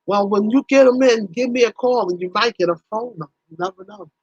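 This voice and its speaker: A woman's voice: medium pitch, brisk, a little mellow, slightly rough, no echo, highs cut off. A woman hosting a casual livestream, chatting in a folksy way with her viewers and acting out little conversations. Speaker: livestream host.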